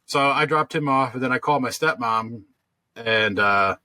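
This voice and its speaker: His mid-range voice is bright and forceful at a moderate pace, with no room sound. As a podcast co-host he tells a long story in casual conversation, rambling with many fillers and restarts.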